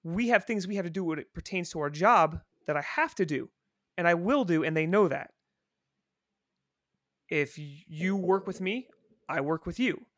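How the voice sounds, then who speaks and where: A man with a fairly high, bright voice talks in a loose, rambling way, swearing freely but staying earnest. The sound is dry and close to the mic, with no room around it. It is a casual podcast chat with friends. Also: expressive, moderate pace, long pauses, no echo. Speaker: podcast guest, prison supervisor.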